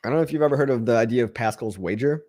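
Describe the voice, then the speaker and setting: Answering chat questions on his livestream, a man delivers a casual motivational rant straight to his audience, rambling loosely and often restarting his words. His ordinary mid-range male voice is mellow and very fast, and he keeps the mood upbeat and encouraging.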